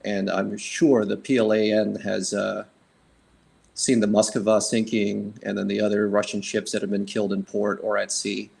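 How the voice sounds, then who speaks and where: A man speaking as a guest in a panel discussion, halting and correcting himself as he goes. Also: fairly low pitch, little pitch movement, vocal fry, darkish tone.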